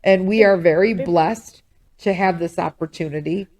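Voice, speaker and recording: A woman's voice: on the low side, normal speed. Middle-aged woman hosting a chatty podcast. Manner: warm, laughing, motherly teasing. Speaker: podcast host. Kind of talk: casual chat.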